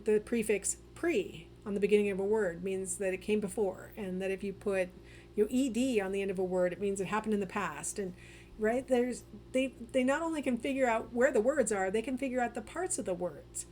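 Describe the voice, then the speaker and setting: A woman talks through a psychology lecture in a loose, chatty way, with plenty of fillers and restarts. Her pitch sits in a middle range. A faint hiss runs under her voice. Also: normal speed, darkish tone. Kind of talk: casual recorded lecture.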